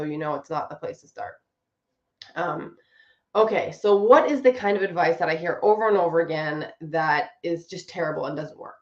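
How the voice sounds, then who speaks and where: Woman, marriage coach, casual advice talk, conversational, roomy echo, slightly dull sound. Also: mid-range voice. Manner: conversational, often acting out quoted speech.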